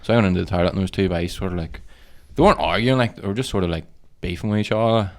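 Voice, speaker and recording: A man's voice: deep voice, rapid-fire, a little mellow. A young man with an Irish accent, telling a rowdy anecdote in casual podcast chat with lots of swearing. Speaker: podcast co-host.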